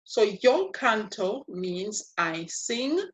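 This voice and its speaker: A woman talks through a language lesson at an unhurried, deliberate pace. Her manner is patient and a little playful, and she spells out every step carefully. Her voice sits at an ordinary middle pitch. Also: sing-song. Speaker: Spanish teacher.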